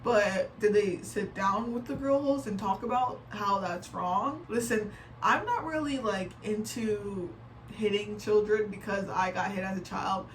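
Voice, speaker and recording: A woman's voice: medium pitch, a little slow. A young adult woman reacting to online posts in casual commentary, chatty and full of "like" fillers, often exasperated. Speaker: reaction video creator. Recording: distant mic with faint background noise.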